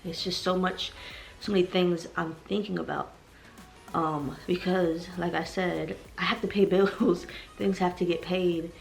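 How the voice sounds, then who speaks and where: A woman's voice: fairly low pitch, steady tone, measured pace, creaky, faint music behind. A heavily pregnant young woman vlogging to her viewers, talking in an emotional, rambling way and growing tearful at times. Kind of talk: personal vlog confession.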